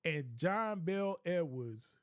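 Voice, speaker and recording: Rambling man, high voice. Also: expressive, takes it slowly, no room sound, studio quality. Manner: rambling, profane, laughing often. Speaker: streamer. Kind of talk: casual storytelling.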